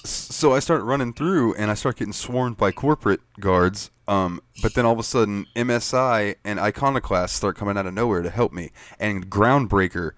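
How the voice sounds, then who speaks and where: A low-pitched man chats casually on a gaming podcast, a relaxed co-host recounting his playthrough. The recording is dry and close, with little room sound. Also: brisk, few pauses, no echo. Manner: animated storytelling, acts out game characters.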